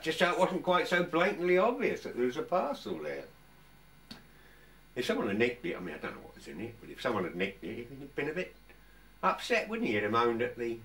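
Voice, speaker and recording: An older English man chats in his workshop, his low voice rising and falling a great deal as he wanders from point to point. He pauses and restarts often, and he sounds set back a little from the mic. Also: a bit bright, distant mic, slight background noise. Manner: rambling, chatty, stops and restarts often. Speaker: vlogger. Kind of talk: casual workshop chat to camera. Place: home workshop.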